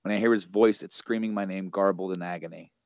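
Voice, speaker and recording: A grieving, angry widow, her lines read by a man. The delivery stays low and quiet, with a close, dry sound. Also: steady tone, fast talker, dry recording. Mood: bitter.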